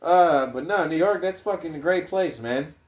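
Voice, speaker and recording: A man rambling through a casual podcast monologue, swearing freely as he goes. His voice sits a little high for a man. The delivery is loose and meandering. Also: normal speed. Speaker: podcast host.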